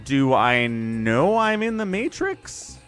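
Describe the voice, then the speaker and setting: A man giving live game commentary as a streamer, chatty and excitable, laughing often and talking to his chat. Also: medium pitch, slow, faint music behind. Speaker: esports caster and streamer.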